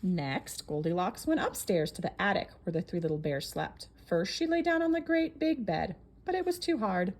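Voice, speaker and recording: A woman reading a children's story aloud in an expressive, sing-song storybook manner. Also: medium pitch, moderate pace, hardly any pauses.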